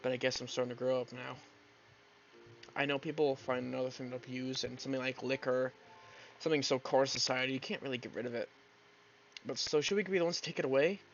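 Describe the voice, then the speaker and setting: A man voicing a troubled young male detective partner who speaks softly and somberly. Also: mid-range voice, fairly even intonation, fast, dull audio, slight background noise, natural voice.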